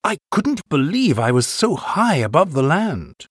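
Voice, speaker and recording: A man's voice: a little high, very animated, unhurried, husky, dry recording, clean studio sound, voice pushed up, exaggerated voice. A man reading the lines of an awed, earnest tribal chief with emphatic, wondering exclamations in a textbook recording.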